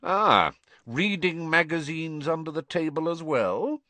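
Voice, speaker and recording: Man doing an icy sarcastic schoolmaster, slow drawl, sneering, cold. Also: on the high side, lively intonation, bright, forceful tone, no echo, pitched above the performer's own voice. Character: cold sneering male potions teacher.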